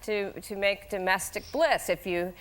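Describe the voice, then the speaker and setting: A talk show guest in her forties shares lively anecdotes at a slightly slow pace. She laughs frequently and shifts into high-pitched voices whenever she quotes someone.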